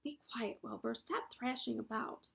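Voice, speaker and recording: A woman voicing a calm dying spider. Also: fairly high pitch, a little slow, vocal fry, slightly rough, exaggerated voice. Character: wise, dying female spider, calm and gentle.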